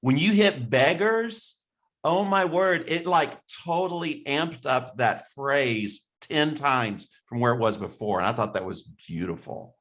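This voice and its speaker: A man's voice: medium pitch, animated, measured pace, a bit bright. A man coaching a singer in a live online vocal lesson, encouraging her and singing short demonstration phrases.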